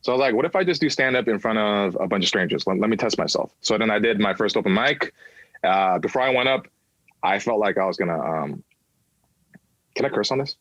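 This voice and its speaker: A man's voice: lowish voice, lively intonation, a little fast, fairly bright tone, dry recording, poor audio. A man in his thirties, a podcast guest, telling his personal story candidly, swearing freely and acting out voices of people in it.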